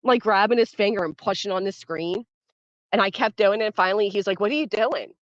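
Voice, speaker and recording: A chatty woman hosts a casual home livestream and talks straight to her chat, swearing freely and laughing as she goes. Her voice sits at an ordinary middle pitch. It comes through a phone mic with a dull, muffled lo-fi sound and no room echo. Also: fairly quick. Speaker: livestream host. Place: at home, early morning.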